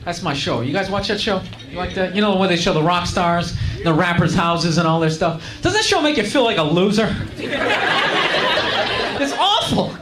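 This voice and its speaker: A man's voice: high voice, lively intonation, normal speed. Brief: exasperated thirties male comic, live club, audience laughter. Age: 30s. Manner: self-mocking, exasperated. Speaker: stand-up comedian. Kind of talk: stand-up comedy. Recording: echoey club with crowd laughter and noise.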